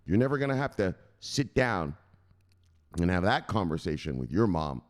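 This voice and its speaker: A man's voice: sits low, moderate pace, big-room sound. A man hosting a crypto news channel, telling a comic story and acting out scenes. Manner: animated, acts out scenes, laughs at own jokes.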